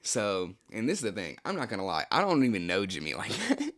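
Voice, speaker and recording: A man's voice: on the low side, wildly swooping pitch, brisk, fairly bright tone. A young adult man hosting his channel, telling a personal story in a casual, slangy way, with lots of "like" and "you know". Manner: laid-back, slangy, full of "like, you know" fillers.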